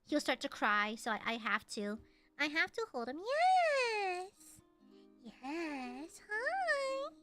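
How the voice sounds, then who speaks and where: A woman's voice: a little high, normal speed, loud music behind the voice. A woman streamer chatting casually with viewers, giggly and playful with lots of fillers.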